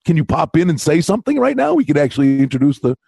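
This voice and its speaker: A man co-hosting a casual sports betting podcast, talking in animated, quick bursts and cutting in on his partner. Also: on the high side, vocal fry, breathy edge, no echo, studio quality. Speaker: podcast co-host.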